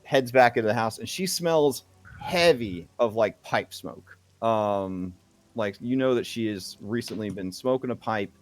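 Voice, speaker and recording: A man's voice: on the low side, dry recording. Hesitant male game master, dry sound. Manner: halting, full of fillers. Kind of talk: narrating a tabletop game.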